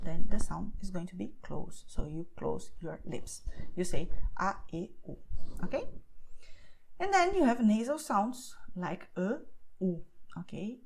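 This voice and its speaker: Woman language teacher, clear patient explanations, frequent "okay?" check-ins, lesson voice-over. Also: mid-range voice, darkish tone, slight background noise.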